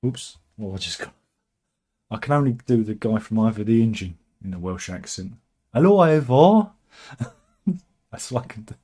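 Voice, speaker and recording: A sardonic British man, host of a satirical news channel, rambles through the news in casual commentary with chuckling asides. His voice is fairly low, husky and darkish, and he talks briskly.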